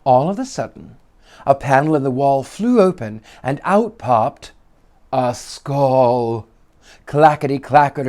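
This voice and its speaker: A man reading a children's story aloud with dramatic, lively delivery. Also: medium pitch, takes it slowly.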